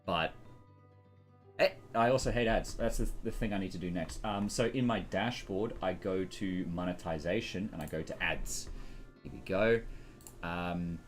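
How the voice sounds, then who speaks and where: Deep-voiced rambling male streamer. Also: moderate pace, faint music behind. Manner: rambling, hesitant, reads settings aloud. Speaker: live streamer. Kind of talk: casual live-stream chat.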